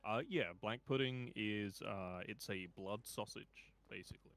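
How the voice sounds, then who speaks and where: A man with a fairly low voice, chatting in a relaxed way. He swears casually and pads his talk with uh and like. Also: measured pace, creaky. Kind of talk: casual chat.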